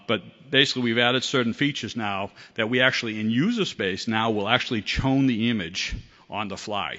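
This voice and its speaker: A man with a Boston accent gives a technical talk at a conference, loose and rambling, full of ums and false starts. His voice is lowish and bright-edged. The recording sounds dull and lo-fi. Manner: casual, rambling with many ums and restarts. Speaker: conference speaker. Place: conference hall.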